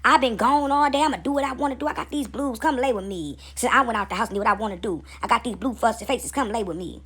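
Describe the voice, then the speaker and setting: Husky, animated woman preaching at home. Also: a little high, quick pace. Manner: animated, slangy, swears freely, laughs often. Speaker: spiritual video creator and mother. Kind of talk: casual preaching vlog. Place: home, seated with dogs nearby.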